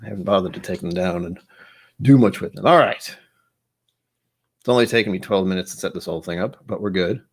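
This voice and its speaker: Sitting at a desk with glasses in his home, an American man chats solo on a whisky-tasting livestream. His low, slightly rough voice is brisk but broken by long pauses, and he rambles self-deprecatingly as he sets up and talks to himself.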